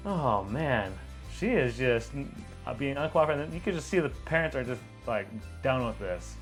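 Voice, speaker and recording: A man's voice: mid-range voice, big pitch swings, moderate pace, a bit bright, faint music behind. A young man, a photographer, giving casual reaction commentary, rambling with lots of fillers and frequent laughter.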